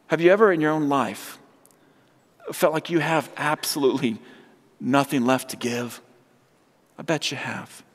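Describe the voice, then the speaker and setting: A man's voice: a little high, normal speed. A man preaching a sermon, telling stories and acting out the voices of the people in them. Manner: storytelling, acts out quoted voices. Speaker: pastor. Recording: long hall reverb.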